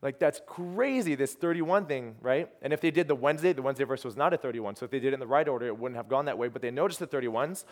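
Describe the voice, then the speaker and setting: A young man tells a church mission story in a loose, animated way. He jumps between quiet, hushed retellings and excited bursts, and he keeps restarting his sentences. His voice sits at an ordinary middle pitch. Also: fast talker, hardly any pauses. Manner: animated storyteller, quoting others, trailing restarts. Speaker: youth ministry team leader. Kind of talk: storytelling testimony.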